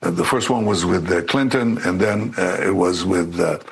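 A man speaking as a government official in an interview, measured and hesitant with fillers. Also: low voice, vocal fry, husky, poor audio. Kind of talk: interview answer.

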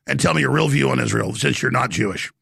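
A man hosting a call-in talk radio show, raspy and gravelly, talking in an animated, emphatic way. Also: medium pitch, fast talker, dry recording, studio quality.

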